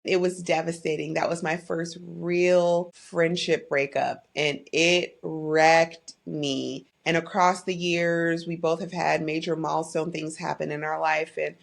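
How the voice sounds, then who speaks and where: This middle-aged podcast host talks candidly about her own life in a faith-tinged, openly emotional monologue. Her fairly low, gravelly voice keeps a level tone at a measured pace, with hardly any pauses.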